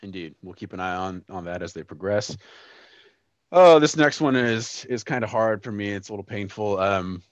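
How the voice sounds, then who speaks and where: A man co-hosting a soccer podcast, talking in a halting, somber way with many restarts. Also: fairly low pitch, dry recording, dull audio. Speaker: podcast co-host. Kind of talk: casual chat.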